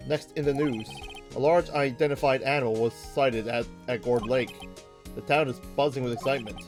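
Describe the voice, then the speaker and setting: A man voicing a male TV news anchor, reading in a lower, quieter newsreader cadence. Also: moderate pace, faint music behind, lightly acted. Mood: formal.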